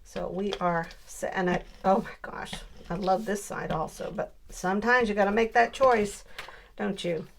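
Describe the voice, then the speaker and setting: A woman's voice: mid-range voice, fairly even intonation, normal speed, vocal fry, slight background noise. A woman hosting a casual crafting tutorial, chatting upbeat with viewers as she works. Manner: chatty, upbeat, talks to viewers while working. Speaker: crafting video host.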